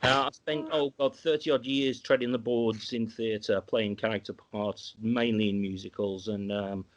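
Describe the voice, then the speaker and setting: A man's voice: lowish voice, fairly even intonation, moderate pace, muffled recording, slight background noise. An older man, a longtime stage actor, joking on a video call. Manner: jokey, theatrical. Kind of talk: casual video call chat.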